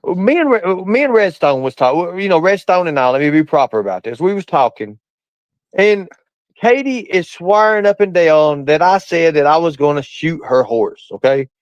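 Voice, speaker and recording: A high-pitched man rants over a remote call, his voice swinging widely up and down. He talks bluntly and defensively, swears freely and hammers points home by repeating them. The sound is dry and close. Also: big pitch swings, moderate pace, no room sound, dull audio. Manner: blunt, profane, defensive, repeats himself for emphasis. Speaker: guest caller on a live stream. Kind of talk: ranting casual chat.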